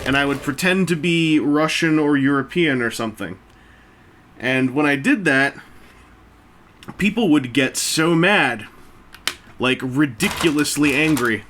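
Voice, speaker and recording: A man's voice: on the high side, animated, unhurried, long pauses, fairly bright tone, slight background noise. A man casually chatting while he builds a brick set, rambling along with self-mocking jokes and asides. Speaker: toy-building video host. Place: indoors at a table.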